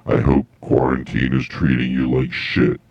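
A gruff door guy with a very deep, gravelly, husky voice, as a man puts him on. He reads slowly in an utterly flat deadpan. The sound is dull and lo-fi. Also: dry recording, exaggerated voice. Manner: slow deadpan reading of a letter.

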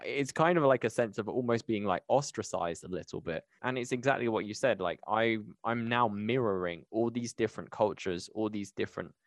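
A man's voice: lowish voice, fairly quick, few pauses, no echo, studio quality. A man from the United Kingdom, talking casually and thoughtfully on a podcast. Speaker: podcast co-host, pitch team member.

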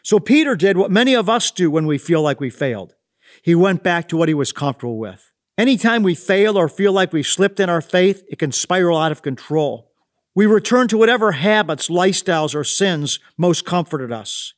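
High-voiced man giving a devotional. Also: animated, moderate pace. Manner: earnest, reflective preaching tone. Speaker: devotional host. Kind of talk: scripted devotional reflection.

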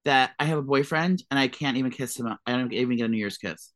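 A woman's voice: rumbling low, fast talker, no echo, studio quality. A woman, co-hosting a podcast in casual, rambling, joking chat. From New Jersey. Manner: joking, rambling, lots of fillers. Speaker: podcast co-host.

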